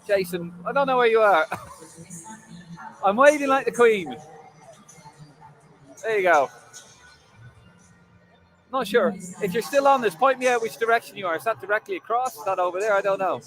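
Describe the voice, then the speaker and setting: A man's voice: high voice, animated, moderate pace, long pauses, fairly bright tone, faint music behind, low-quality recording. An Irish man hosting a live football fan stream from a stadium, chatting and bantering with viewers' comments. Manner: chatty, jokey banter, frequent fillers. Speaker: football fan livestream host. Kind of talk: casual live chat reading viewer comments.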